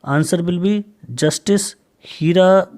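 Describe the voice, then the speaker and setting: Slow Indian English teacher. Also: male voice, sits high, fairly even intonation, a little mellow. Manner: slow, repetitive quiz-answer explaining. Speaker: school teacher. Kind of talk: general knowledge lesson.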